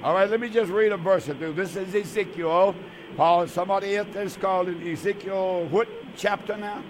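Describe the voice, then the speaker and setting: A man's voice: sits high, steady tone, normal speed, a little hiss or hum. An older man, hosting a religious radio call-in show as pastor, emphatic and repetitive. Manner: warm, emphatic, repetitive preacher's talk.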